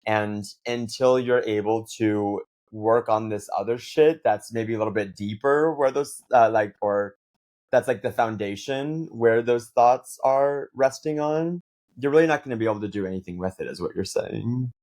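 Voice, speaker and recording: A man hosting a casual podcast conversation, thinking aloud in a relaxed way as he sums up his guest's point. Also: mid-range voice, moderate pace.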